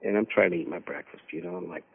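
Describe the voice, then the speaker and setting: A man telling a personal story as a guest on a radio conversation, halting and repeating words as he searches for them. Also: sits low, level tone, vocal fry, slightly rough. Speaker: mission team leader, radio guest. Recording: narrow phone-like radio audio.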